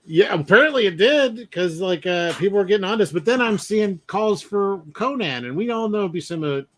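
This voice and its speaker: A man's voice: high voice, lively intonation, moderate pace. A man co-hosting an art show, tossing in jokey asides and laughing often in casual chat. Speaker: co-host artist. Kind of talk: casual banter.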